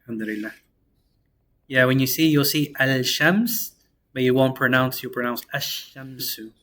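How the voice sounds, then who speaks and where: A young man teaching an Arabic class in a casual, slangy way, slowing down to sound out each word. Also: medium pitch. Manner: relaxed, slangy, slows down to sound out words.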